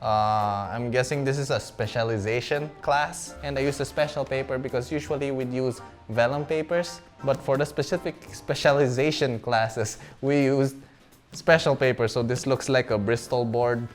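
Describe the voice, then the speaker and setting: A man's voice: medium pitch, fairly even intonation, moderate pace, faint music behind. A young man from the Philippines, casually talking through his old school work, chatty and self-mocking with frequent laughs. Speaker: vlogger.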